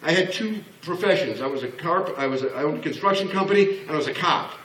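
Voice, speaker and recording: High-voiced older man preaching business success. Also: fast talker. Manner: animated, blunt and joking, acts out quoted voices. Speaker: motivational business speaker. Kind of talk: live motivational talk to an audience. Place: large hall before an audience. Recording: echoey hall, speaker far from mic.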